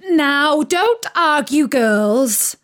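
A woman voicing a bossy, brisk mother who scolds her children. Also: high-pitched, animated, fairly bright tone, pitched above the performer's own voice, exaggerated voice. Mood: scolding. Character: bossy busy mother, no-nonsense.

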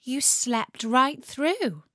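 A tired mother in a children's story frets over her daughter, read aloud by a woman. She speaks slowly and plainly. The sound is close and dry. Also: sits high, lively intonation, a bit bright, no echo, pitched above the performer's own voice, heavily acted. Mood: fretful. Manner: fretful. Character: weary, fretting storybook mum. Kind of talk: storybook reading.

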